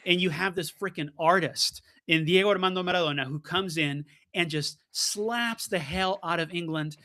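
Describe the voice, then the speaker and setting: Brief: male debate co-host, high voice, excitable storyteller who stumbles and restarts. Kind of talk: animated debate banter.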